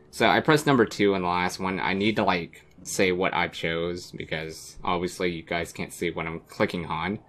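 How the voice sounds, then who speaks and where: A man's voice: low voice, fairly even intonation, moderate pace, few pauses, a bit bright. A man doing casual, bemused commentary while playing a game. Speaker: let's play gamer. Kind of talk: gameplay commentary.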